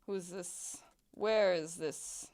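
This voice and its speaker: A woman's voice: on the low side, extremely slow, darkish tone. A young woman streaming a game, chatting casually, swearing and laughing as she plays. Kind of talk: casual gameplay chat.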